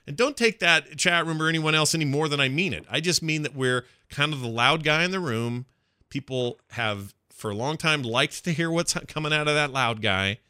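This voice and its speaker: American guy co-host, bright forceful tone, conversational and opinionated, dry sound. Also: a little high, moderate pace, smooth, no room sound. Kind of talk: casual podcast debate.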